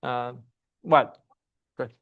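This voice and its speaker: A man's voice: medium pitch, fairly even intonation, very slow, phone-quality sound. A man teaching a church Sunday class, often asking the class questions and repeating himself.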